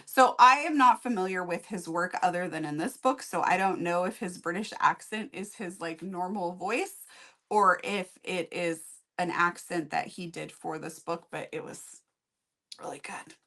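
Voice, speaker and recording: Relaxed woman summarizing a book. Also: on the low side, normal speed. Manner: relaxed, storytelling plot summary. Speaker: book reviewer co-host. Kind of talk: casual chat.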